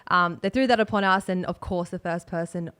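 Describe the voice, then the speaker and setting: A young Australian woman, a rugby league player co-hosting a podcast, chatting casually and telling stories with lively acted-out bits of dialogue. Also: fairly low pitch, a little fast, clear, resonant tone, dry recording. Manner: animated storytelling, acts out quoted talk. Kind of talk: casual chat.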